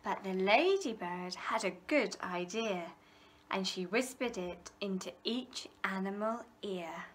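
A woman reading a rhyming picture book aloud for children, with a rhythmic, expressive delivery and playful animal noises. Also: medium pitch, slow, slight background noise. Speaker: library storyteller.

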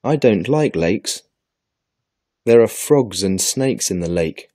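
A man's voice: lowish voice, expressive, takes it slowly, mellow, dry recording, clean studio sound. A man voicing a thirsty little girl who pouts and complains. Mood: whiny. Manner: pouting, complaining.

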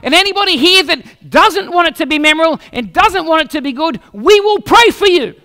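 Preaching a little fast, the pastor uses a notably high and bright voice, spinning lively, humorous stories through his sermon. His voice echoes with a long hall reverb.

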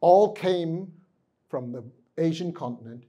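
A man from the United States lectures to a university audience, his slightly high voice mellow and a little husky. He keeps asking the room questions and slips Japanese phrases into his English, recorded in a large conference room. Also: animated, unhurried. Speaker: guest lecturer.

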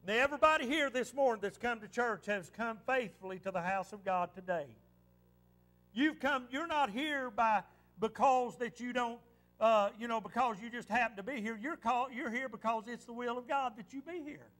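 A man's voice: very high voice, moderate pace, fairly bright tone. A man from western North Carolina with a Southern Appalachian accent, preaching a folksy storytelling sermon in church.

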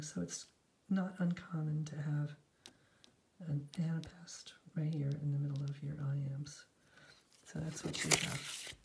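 A middle-aged woman teaching poetic meter in a relaxed, casual lesson, talking through her markings and now and then dropping to a whisper. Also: low-pitched, gravelly, slight background noise, low-quality recording. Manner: relaxed, talks aloud while marking a poem, sometimes drops to a whisper. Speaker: poetry teacher.

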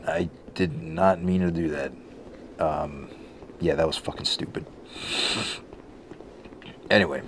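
A man's voice: low-pitched, a little slow, pauses often, noisy background. A young man giving profane, exasperated, sarcastic gameplay commentary, his voice cracking. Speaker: let's play gamer. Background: game music.

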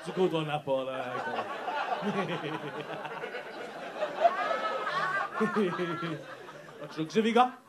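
A man's voice: on the high side, very animated, very slow, long pauses, heavy background noise. A man doing stand-up crowd work in a comedy club, teasing the audience with crude, cheeky banter and swearing. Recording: live club set with loud crowd laughter.

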